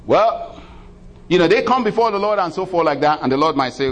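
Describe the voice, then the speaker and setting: A man's voice: on the high side, animated, moderate pace, long pauses, rough recording. A man preaching a sermon who retells scripture in a folksy way, with chuckles and frequent "you know" asides.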